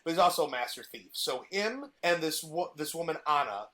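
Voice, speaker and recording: Guy on a podcast gushing about a tv villain, kinda high voice, lots of restarts. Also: lively intonation, a little fast, sharp tone. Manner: eager rambling storytelling, frequent restarts. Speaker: podcast guest presenting a TV villain. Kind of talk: casual chat.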